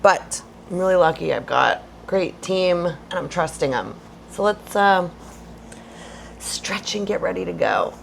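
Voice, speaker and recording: A woman's voice: on the low side, expressive, measured pace, gravelly, a little hiss or hum. A woman vlogging about her running, talking candidly and chattily with lots of "like", worn out after a hard run and filming outdoors. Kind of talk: casual vlog chat.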